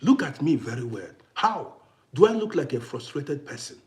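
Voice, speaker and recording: Emphatic man with a lively, high voice. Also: normal speed. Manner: emphatic, repetitive, challenging. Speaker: vlogger. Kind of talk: ranting to camera. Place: living in Austria.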